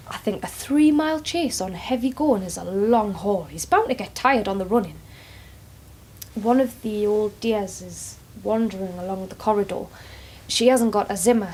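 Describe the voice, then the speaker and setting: A woman, performing a dramatic monologue as a care worker who shifts between quiet asides and excited outbursts. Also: medium pitch, slightly rough.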